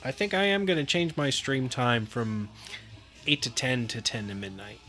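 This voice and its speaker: Bright-voiced man chatting on a stream. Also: mid-range voice, moderate pace, faint music behind. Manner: chatty, laughs often, talks to chat while playing. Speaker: pinball streamer. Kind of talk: casual live-stream chat.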